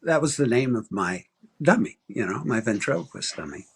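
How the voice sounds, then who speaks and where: A man in his sixties from Arizona, a guest author telling a personal story in a casual interview, animated and acting out quoted voices. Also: normal speed, vocal fry, breathy edge. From Arizona, USA. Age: 60s. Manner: animated storyteller, acts out quoted voices with big pitch jumps.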